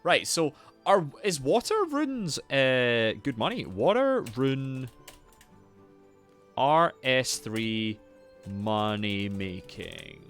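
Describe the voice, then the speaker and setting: A young man chats on a live game stream, his pitch leaping wildly up and down as he loudly greets viewers. His voice is bright and sits a little high, with soft music playing behind him. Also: drawn-out words. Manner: animated, loud greetings to viewers; swears casually, rambles. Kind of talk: casual live-stream chat.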